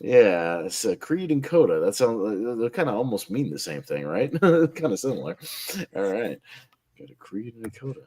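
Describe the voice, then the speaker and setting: A man's voice: on the low side, big pitch swings, moderate pace, dark tone. A man hosting a casual online group chat, upbeat and laughing often as he runs the votes. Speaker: host.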